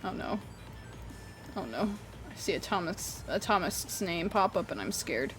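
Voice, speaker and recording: A woman's voice: fairly low pitch, expressive, measured pace, pauses often, soft background music. A young woman streaming from her room, chatting casually, rambling, swearing freely and cutting off words. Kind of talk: casual livestream chat while drawing.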